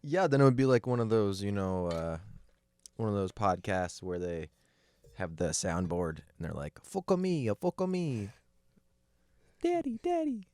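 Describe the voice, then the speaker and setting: A man's voice: deep voice, darkish tone, clear, resonant tone, no room sound. A man co-hosting a podcast in casual chat, riffing with crude jokes. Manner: crude, joking, drawn-out riffing. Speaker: podcast co-host.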